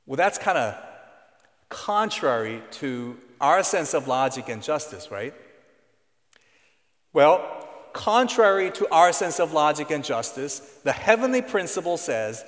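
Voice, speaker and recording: A man's voice: a little high, big pitch swings, a little slow, a bit bright. A man preaching a sermon in an earnest teaching tone, leaning hard on key words. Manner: earnest teaching tone with emphatic stresses. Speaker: pastor. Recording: long hall reverb.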